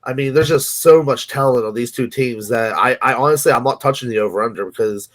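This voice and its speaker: A man co-hosting a casual sports betting podcast. He rambles through his picks, hedging and restarting his sentences with plenty of ums. His voice sits at an ordinary pitch. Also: brisk, a bit bright. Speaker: podcast co-host.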